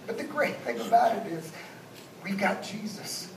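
High-voiced preacher in an echoey church. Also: male voice, lively intonation, moderate pace, vocal fry. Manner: swings from loud exhortation to hushed asides. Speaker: guest pastor. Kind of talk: sermon. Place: church sanctuary. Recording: echoey church sound from a distance, background noise.

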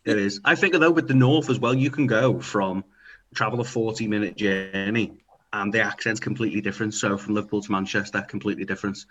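A man from the north of England chatting on a podcast, his voice sitting fairly low. He rambles through loose, sweary banter. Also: fairly even intonation, fast, fairly bright tone, highs cut off, slight background noise. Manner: rambling, sweary, laughs often. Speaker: podcast co-host. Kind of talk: casual banter.

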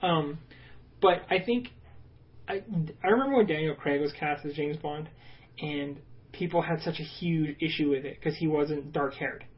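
A man co-hosting a podcast in casual, joking banter, animated and swearing now and then. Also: on the high side, normal speed, highs cut off. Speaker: podcast co-host. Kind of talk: casual chat.

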